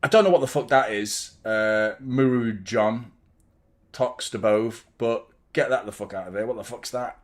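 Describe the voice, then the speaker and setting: A man's voice: medium pitch, moderate pace. A young adult man, hosting a football watchalong in casual live-stream chat. He rambles, swears freely, reads viewers' comments aloud, and sounds drained.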